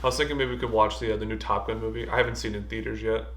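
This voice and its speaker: Bright-voiced young man in an echoey room. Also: lowish voice, level tone, rapid-fire. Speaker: sketch actor. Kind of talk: comedy sketch acting. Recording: echoey room, faint noise.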